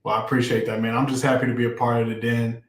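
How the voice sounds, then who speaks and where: Relaxed male rapper in an echoey room. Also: medium pitch, very fast. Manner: relaxed, many fillers. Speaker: rapper, interview guest. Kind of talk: casual interview chat. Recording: roomy, echoey sound.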